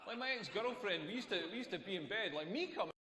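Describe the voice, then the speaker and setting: A middle-aged man with a Scottish accent playing a crude stand-up comedian, telling deadpan stories that build to punchlines. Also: sits high, fast. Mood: wry. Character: crude self-mocking male stand-up comic. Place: comedy club stage. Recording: echoey comedy club hall.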